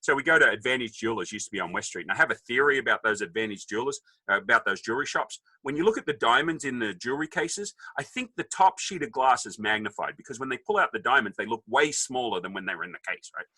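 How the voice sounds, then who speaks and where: A man's voice: medium pitch, expressive, quick pace, few pauses, sharp tone, husky, no room sound, poor audio. A man in his fifties with an Australian accent, telling a joking story as a podcast guest and acting out the people in it. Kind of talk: casual storytelling.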